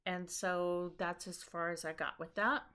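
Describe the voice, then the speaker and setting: A woman chatting casually as a knitting show host, tired and a bit scattered. She talks at an unhurried, slow pace, rambling and pausing with ums and restarts. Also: fairly low pitch, steady tone, pushed and bright, clear, resonant tone. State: tired after a long trip. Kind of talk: casual chat about knitting projects.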